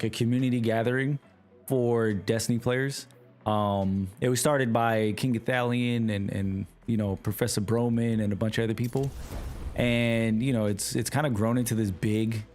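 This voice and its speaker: A man with a New York accent chatting casually to his livestream chat while gaming, relaxed and slangy. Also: mid-range voice, normal speed. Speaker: streamer.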